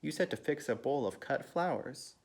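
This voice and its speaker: Literal-minded housekeeper, brisk and matter-of-fact, upbeat; a man reading a picture book aloud. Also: mid-range voice, expressive, creaky, voice pushed up.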